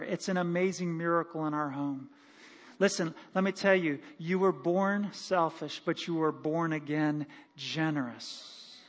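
A male pastor delivers a sermon in a lively, enthusiastic way. His voice sits somewhat high for a man. A long hall reverb trails behind each phrase. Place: church sanctuary.

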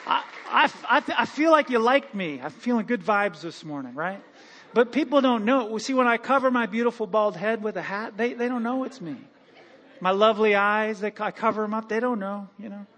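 Pastor, male, high voice, animated and humorous sermon delivery. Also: brisk, some chatter behind. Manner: animated, joking, lively storytelling with acted-out quotes. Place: church sanctuary.

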